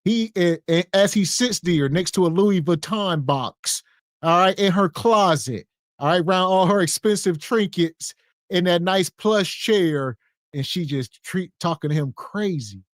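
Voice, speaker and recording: A man's voice: high voice, expressive, a little slow, no echo, clean studio sound. A man co-hosting a podcast, casually recounting what happens in a video clip. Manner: recounting, retelling quotes. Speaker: podcast co-host. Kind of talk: casual reaction commentary.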